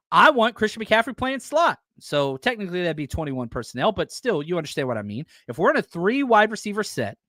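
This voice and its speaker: A man's voice: on the high side, no room sound, studio quality. A man hosting a live sports podcast, chatting casually and bluntly while answering viewer comments. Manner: animated, blunt, talks back to chat comments. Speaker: podcast host reading live chat.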